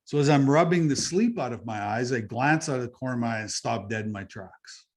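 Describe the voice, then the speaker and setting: A man's voice: medium pitch, animated, brisk. A middle-aged man from Canada, telling a personal story as an interview guest in a blunt, conversational way, swearing freely and repeating phrases for emphasis. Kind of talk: candid storytelling.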